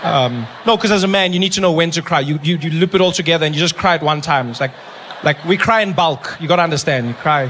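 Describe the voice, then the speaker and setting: A man telling a story in stand-up style on stage, swinging into high, loud bursts for punchlines. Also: fast talker, a little hiss or hum. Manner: animated, jumps to high pitch for punchlines. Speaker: stand-up comedian. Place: stage before a live audience.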